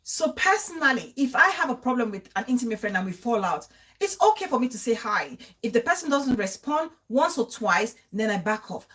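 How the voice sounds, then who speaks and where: A woman's voice: fairly high pitch, big pitch swings, a little fast, fairly bright tone. A young woman hosting a casual live-stream talk, chatting and repeating phrases for emphasis. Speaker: show host.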